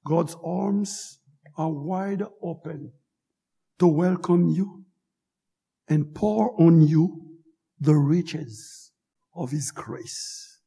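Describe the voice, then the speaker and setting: A man preaching a fervent sermon, rising to shouts and dropping to hushed pleas. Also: on the high side, extremely slow, creaky, pauses often, slightly rough.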